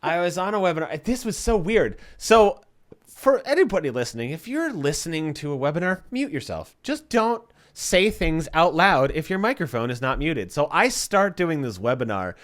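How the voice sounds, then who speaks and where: Male podcast co-host, lively pitch, animated storyteller who acts out the people he quotes. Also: normal speed. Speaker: podcast co-host and voiceover artist. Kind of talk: casual podcast chat.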